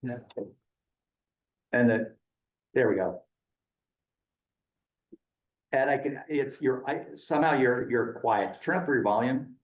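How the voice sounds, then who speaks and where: A man runs a public meeting with casual, joking friendliness, moving the agenda along in an informal way. His voice sits at an ordinary middle pitch. The sound carries the reverberant echo of a meeting room. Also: lively intonation, a little slow. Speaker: meeting chair. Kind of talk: chairing a hybrid public meeting.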